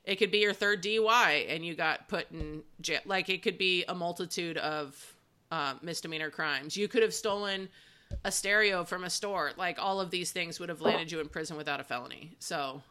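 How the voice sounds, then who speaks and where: A woman's voice: on the low side, moderate pace, sharp tone. A woman hosting a casual group podcast, chatty and opinionated. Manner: chatty, opinionated, laughs often. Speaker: podcast host.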